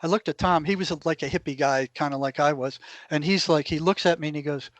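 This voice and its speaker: Lively storytelling man, dry close sound. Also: a little high, fast talker, no echo. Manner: animated anecdotes, acts out others' lines. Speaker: guest; former clinician. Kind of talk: conversational storytelling.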